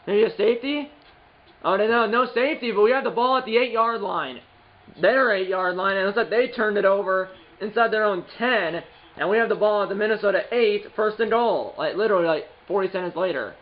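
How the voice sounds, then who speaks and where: A man giving rambling play-by-play commentary on his own video game, correcting himself often and bursting into excited calls. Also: high-pitched, fairly quick, muffled recording. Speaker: gaming channel host. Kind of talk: play-by-play commentary while playing.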